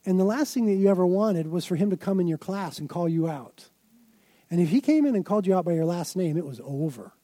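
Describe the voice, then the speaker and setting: A man preaching a sermon in a fairly high yet mellow voice. He tells his stories dramatically, piling up emphatic phrases, and the recording is dry and close. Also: lively intonation, fast, dry recording. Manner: dramatic storytelling, emphatic build-ups. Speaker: pastor.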